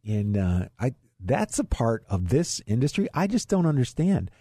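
A middle-aged financial advisor from Ohio hosts a radio show about investing, talking in a casual, folksy way with chuckles and restarts. His medium-pitched, dark-toned voice is sing-song and moderately paced, in studio quality with no echo.

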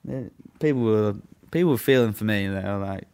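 A young man appears as a guest, telling a story in casual, laid-back conversation full of profanity. His voice is low, gravelly and creaky, and he rambles along fairly quickly in relaxed chat.

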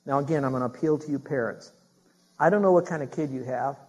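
Husky-voiced man preaching a sermon. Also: mid-range voice, fast talker, dark tone, poor audio. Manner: emphatic, repeats key phrases to a congregation. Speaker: pastor.

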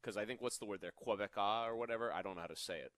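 A man's voice: on the low side, rapid-fire, a bit bright, dry recording. A man co-hosting a sports radio show, talking casually and laughing easily.

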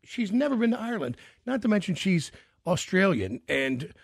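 A man's voice: high voice, big pitch swings, moderate pace, gravelly, slightly rough, no echo, studio quality. A man hosting a radio show, chatting casually and jokingly with a caller and often trailing off into fillers. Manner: rambling, jokey, trails off with fillers.

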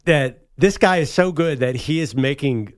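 A man co-hosting a sports talk radio show, animated and quick to argue a point. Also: fairly high pitch, no echo, studio quality.

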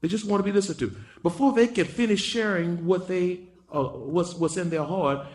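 A man's voice: high voice, lively intonation, normal speed. A male pastor preaching a sermon, repeating key lines and calling on the congregation to say them back. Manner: preaching with repetition and call-and-response.

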